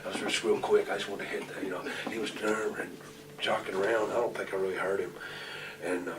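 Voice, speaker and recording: A man's voice: fairly low pitch, level tone, fast talker. Blunt, profane man recorded from afar. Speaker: pro wrestler interview guest. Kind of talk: shoot interview storytelling. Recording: distant mic, noisy room ambience.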